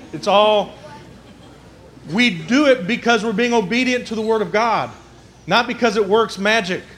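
A man's voice: high voice, a bit bright, slight background noise. A man preaching a sermon, folksy and conversational, with a church's roomy echo. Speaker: pastor. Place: church sanctuary.

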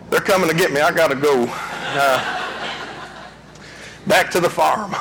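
Bright, animated preacher man. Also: fairly high pitch, a little slow, pauses often, rough recording. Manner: animated, conversational preaching with frequent call-outs to the congregation. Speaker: pastor. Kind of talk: sermon. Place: church before a congregation.

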